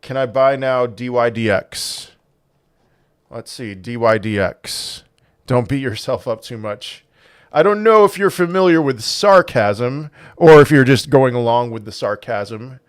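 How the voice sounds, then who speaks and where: A young man hosting a casual livestream, reading chat aloud and answering with dry sarcasm and halting restarts. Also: medium pitch, clear, resonant tone, dry recording. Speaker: livestream host.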